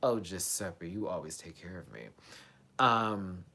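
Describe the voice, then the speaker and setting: A woman hosting a live stream in a casual, chatty way, answering her viewers and swinging between excited outbursts and low mutters. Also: a little slow, breathy edge. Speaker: livestream host.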